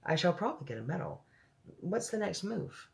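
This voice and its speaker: A woman's voice: lowish voice, very animated, moderate pace, creaky, a little mellow, voice pushed up, full character voice. A woman voicing a pompous, self-important male army general in a storybook reading. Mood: smug.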